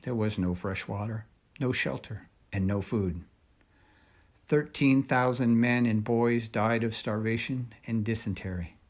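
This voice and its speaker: A man reading a children's storybook aloud in a measured, expressive way. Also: lowish voice. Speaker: reader.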